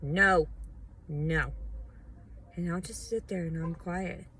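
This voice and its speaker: A woman recording a confessional video diary, venting raw distress with repeated phrases and swinging between low murmurs, whispers and sharp outbursts. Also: slow pace, a little hiss or hum, low-quality recording. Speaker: vlogger.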